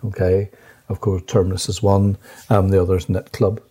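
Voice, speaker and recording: A man's voice: low-pitched, little pitch movement, normal speed, warm tone, husky. A man co-hosting a podcast, chatting casually, rambling and restarting his sentences. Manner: rambling, distracted, restarts a lot. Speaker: podcast co-host. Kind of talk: casual chat.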